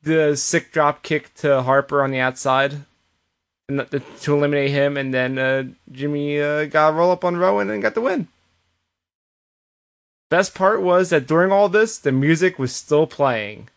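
A man's voice: on the high side, a little slow. A man co-hosting a podcast, recapping wrestling shows in casual chat and storytelling with quoted asides and frequent restarts. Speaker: podcast co-host.

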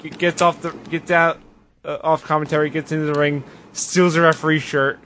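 A man hosting a casual podcast, recapping events in an animated, sarcastic way. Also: a little high, fairly quick, slight background noise. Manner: animated, sarcastic retelling with put-on voices. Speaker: podcast host. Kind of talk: casual wrestling recap chat.

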